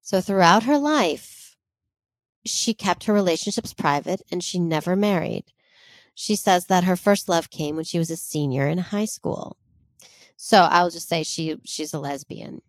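A woman's voice: lowish voice, animated, unhurried, no room sound. Chatty woman co-host, dry close sound. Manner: chatty, giggly, reads quotes aloud. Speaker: podcast co-host. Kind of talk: casual storytelling chat.

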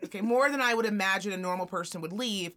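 A woman's voice: mid-range voice, fast, fairly bright tone. A woman co-hosting a chatty podcast, telling candid and comic stories. She jumps into quoted voices as she goes, and her delivery stays loose and conversational. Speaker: podcast co-host. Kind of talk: casual chat.

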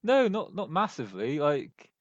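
Lively man on a dull, dry call. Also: a little high, moderate pace. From England. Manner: curious, asks questions with many restarts. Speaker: podcast guest. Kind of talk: casual chat. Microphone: video call.

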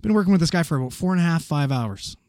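A man casually telling a paramedic story, animated and swearing freely as he acts out the voices of the people in it. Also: fairly high pitch, very fast, dry recording, clean studio sound.

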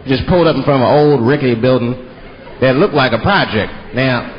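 A man from Washington, D.C. doing a stand-up comedy set in a theater, animated and jumping into mimicked voices. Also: mid-range voice, brisk. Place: theater stage before a live audience. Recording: muffled live stage recording with loud crowd.

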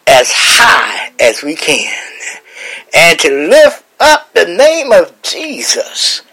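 A man's voice: fairly high pitch, wildly swooping pitch, very slow, bright, forceful tone, husky, rough recording. A man hosting a Bible chat, preaching with repeated lines and rising emotional emphasis. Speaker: host and Bible teacher.

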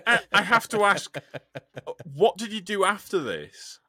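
Animated, bright-voiced male podcast host. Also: sits high, unhurried, dry recording, studio quality. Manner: joking, swears, animated and teasing. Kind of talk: casual chat.

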